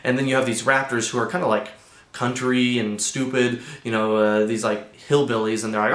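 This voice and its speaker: A man's voice: medium pitch, steady tone, brisk, fairly bright tone, roomy sound. A young man hosting a casual movie review, chatty and loose with lots of fillers.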